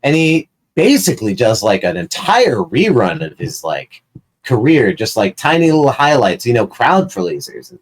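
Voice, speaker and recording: A man's voice: medium pitch, very animated, normal speed, a little hiss or hum, rough recording. A man telling a profane, rambling story as a player in a tabletop game.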